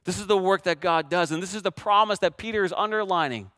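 A man's voice: sits high, fast talker, pushed and bright, no echo. A man preaching a sermon as pastor, emphatic, repeating key phrases and asking rhetorical questions.

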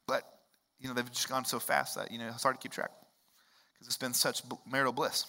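A man, preaching a sermon in a conversational way that swings up into loud, emphatic rises. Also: medium pitch, level tone, brisk, creaky. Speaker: pastor.

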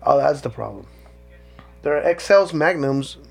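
Gravelly man swearing through casual chat. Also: on the high side, measured pace, soft background music. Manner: laughs often, swears freely, animated bursts. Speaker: podcast co-host.

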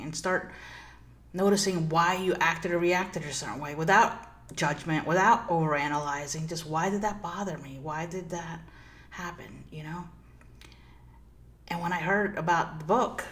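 Woman, low voice, spiritual coach, earnest reflective storytelling, soft laughs. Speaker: spiritual coach and podcast host. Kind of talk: personal storytelling monologue.

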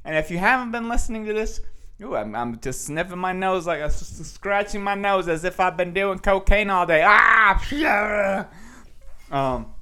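A young man with a high, bright-sounding voice hosts a goofy solo podcast. He talks in an animated, self-motivating way, looping his phrases and swinging between loud bursts and quieter asides. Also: a little fast, smooth. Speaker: podcast host and stand-up comedian. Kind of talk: casual solo podcast monologue.

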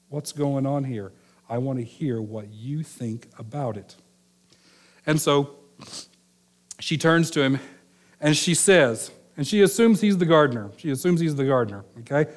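A man's voice: mid-range voice, animated, a little slow, long pauses. A middle-aged male pastor preaching a sermon in a conversational storytelling manner, voicing the people in the story. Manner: conversational storytelling, acts out quoted lines.

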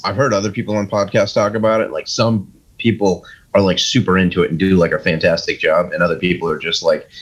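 A man with a very low voice chats loosely on a podcast, rambling and cracking jokes with sudden bursts of excitement. The recording sounds dull and lo-fi. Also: fast, breathy edge. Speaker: podcast co-host. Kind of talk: casual chat.

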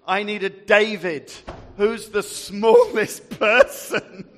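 A man's voice: high voice, sing-song, takes it slowly. A man leading a group through a Bible story, casting volunteers and reading aloud in a jovial, chatty way. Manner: jovial, chatty, laughs often. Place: large hall with a group. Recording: echoey hall.

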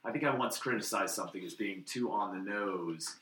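A man in casual book-club conversation, talking with animated, expressive swings. His voice is bright and forceful. The recording carries a roomy echo. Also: brisk, a little hiss or hum. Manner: animated, acts out quoted lines with jumps in pitch. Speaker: podcast co-host.

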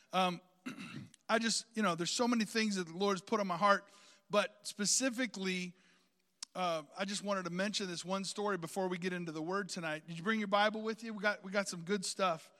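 A man's voice: sits high, pushed and bright, long reverb tail. A man preaching a sermon, outgoing and talkative, calling on the congregation to repeat phrases after him.

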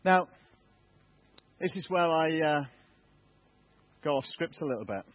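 English guy preaching, kinda husky, a bit higher voice, candid and self-deprecating, dull church recording. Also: animated, measured pace. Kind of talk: personal testimony sermon. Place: church hall.

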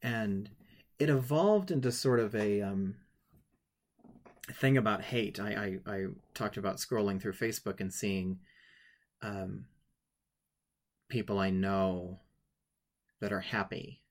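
A writing workshop leader with a fairly low voice speaks haltingly, often stumbling and restarting. Tearful, he tells a personal story and leads listeners through a writing exercise, sounding deeply emotional.

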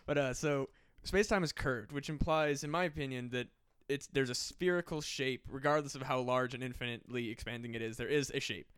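A man on a podcast in casual chat, rambling excitedly and swearing freely, his voice cracking now and then. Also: mid-range voice, a little fast, few pauses, clear, resonant tone, dry recording, clean studio sound. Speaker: podcast guest.

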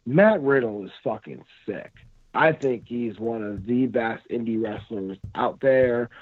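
A man, a pro wrestler, chatting casually on a podcast in a rambling, halting way full of fillers. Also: medium pitch. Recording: dry, phone-like lo-fi sound.

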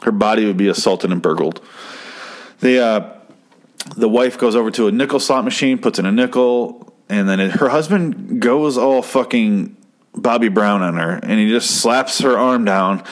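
A man's voice: lowish voice, normal speed. A man casually recapping a story in a profane, rambling way, often correcting himself. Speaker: comedian recapping a show.

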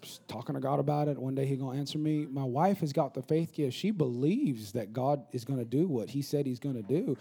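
A man in his thirties, a pastor, preaching a sermon in a conversational way that builds into rapid, repetitive crescendos. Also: medium pitch, mellow, breathy edge.

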